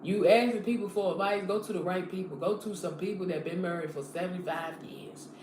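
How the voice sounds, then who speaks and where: A woman's voice: lowish voice, brisk, a little mellow. Woman live-stream preacher, fervent and repetitive, roomy echo, faint hiss. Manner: fervent, repetitive, direct address to viewers. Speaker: online preacher. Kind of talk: live-streamed motivational sermon. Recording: echoey room, faint background noise.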